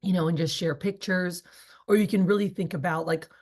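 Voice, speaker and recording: A woman's voice: fairly low pitch, steady tone, brisk, darkish tone. A woman in her thirties leading a sales training session, chatty and rambling with many fillers. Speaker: sales team leader. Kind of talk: casual training talk.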